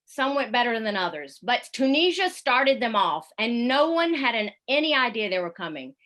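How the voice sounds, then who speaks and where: Woman, radio correspondent, bright storyteller on a video call, chatty with fillers. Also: a little high, normal speed. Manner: lively anecdotal storytelling with fillers. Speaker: radio correspondent giving a talk. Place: home in Paris, at night.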